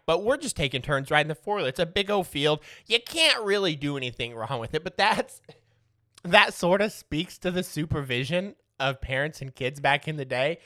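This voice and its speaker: A man's voice: on the high side, expressive, a little fast, bright, forceful tone. A man in his forties telling a rambling, profane childhood story in a casual comedic way, laughing often.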